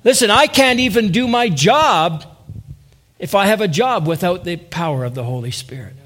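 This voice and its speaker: Impassioned high-voiced male preacher. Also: lively intonation, normal speed, a bit bright. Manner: earnest, rising to impassioned appeals; addresses listeners as saints and by name. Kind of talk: sermon.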